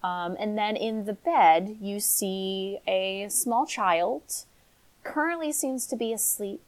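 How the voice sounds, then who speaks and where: A woman's voice: medium pitch, slow, rough recording. Casual woman game master. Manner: casual, filler-heavy narration. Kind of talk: narrating a tabletop game.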